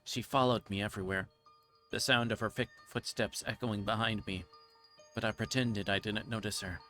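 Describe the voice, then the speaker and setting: A delirious, guilt-ridden young girl in a visual novel, read aloud by a man in his own fairly low voice. The reading loops back on itself in anguish and trips over the odd word. Game music plays clearly behind. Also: fairly even intonation, normal speed, bright, forceful tone. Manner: repetitive, anguished, occasional stumbles over words. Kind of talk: dramatic reading of game text.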